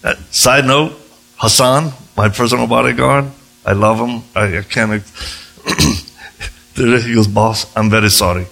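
A man from the United States preaches with a gravelly, bright edge to his voice. He tells stories in a lively way and often pops up into high voices to act out the people he quotes. His tone is a little husky, with faint music underneath. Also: slow pace, long pauses. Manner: animated, jumps into high voices when quoting others. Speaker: missionary preacher. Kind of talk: sermon with storytelling.

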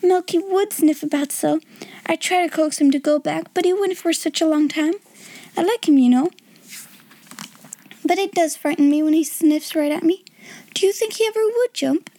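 Woman doing a high, nervous plump schoolgirl. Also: normal speed, dark tone, no echo. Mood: anxious.

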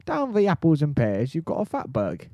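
A man voicing a gruff male sewer chief in a put-on Cockney accent, full of slang, in an improvised comedy sketch. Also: fairly high pitch, huge pitch swings, moderate pace, no room sound, lo-fi sound. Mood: blustering. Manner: slangy, blustering.

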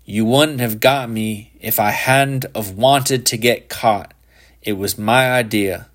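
A defiant delinquent boy snarls and hisses his accusations, slow and venomous, pitched well above the reader's low voice, as a man puts him on. He sounds like a storybook troublemaker with a bitter grudge. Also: steady tone, a bit bright.

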